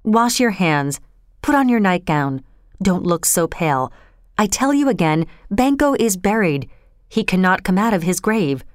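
A woman's voice: mid-range voice, very animated, unhurried, no echo, studio quality. A woman voicing a guilt-haunted sleepwalking queen who murmurs and commands in a distracted, dreaming way. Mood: murmuring.

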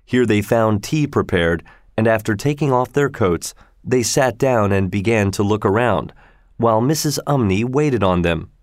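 A man narrating a storybook in a measured, even reading voice. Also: lowish voice, no echo, clean studio sound. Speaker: audiobook narrator.

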